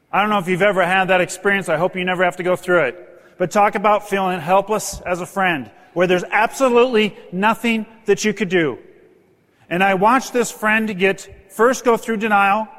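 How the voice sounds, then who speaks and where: An earnest man with a high voice tells stories to a live audience. He speaks with feeling, and his voice rings out with a long reverb through a large hall. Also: a bit bright. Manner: earnest, emotional, rises in pitch when stirred. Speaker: motivational speaker. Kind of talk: storytelling speech to an audience.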